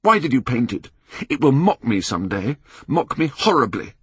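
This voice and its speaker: An anguished, vain young Englishman, as a male reader puts him on, pleading and rising into despairing outbursts. The voice swings widely in pitch and has a husky edge. It sounds close and dry. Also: very animated, normal speed, a bit bright, dry recording, heavily acted.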